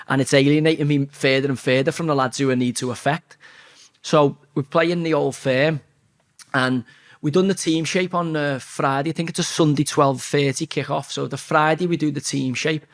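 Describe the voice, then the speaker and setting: Man, forties, blunt sweary storyteller, mid-range voice. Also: mid-range voice. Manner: blunt, sweary, animated anecdote-telling. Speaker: footballer telling a story. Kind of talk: casual storytelling interview.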